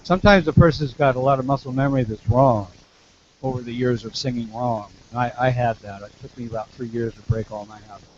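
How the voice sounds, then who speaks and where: A man's voice: medium pitch, steady tone, a little fast, lo-fi sound, a little hiss or hum. A man working as a vocal coach, explaining technique and demonstrating with short sung lines, repeating words as he goes. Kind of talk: teaching demonstration.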